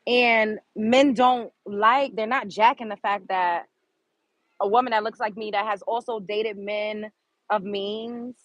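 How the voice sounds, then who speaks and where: A woman's voice: medium pitch, fairly even intonation, a little slow, fairly bright tone, no room sound, low-quality recording. Blunt, profane New woman host. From Brooklyn, New York. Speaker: show host. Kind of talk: unscripted commentary to a live chat.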